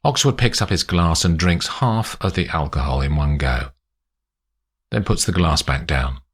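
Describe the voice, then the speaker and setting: A man narrating a spy story aloud in a slow, expressive way. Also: extremely low pitch, husky. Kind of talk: audiobook narration.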